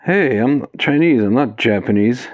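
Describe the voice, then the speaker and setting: A man's voice: mid-range voice, lively intonation, measured pace, a little mellow, muffled recording, natural voice. A man voicing an indignant man in a bar joke, protesting after being punched. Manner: protesting, incredulous.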